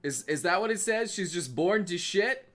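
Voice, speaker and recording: A young man chatting casually on a live stream, reading memes aloud, excitable and profane. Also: sits high, moderate pace, soft background music. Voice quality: excitable, profane, laughs often.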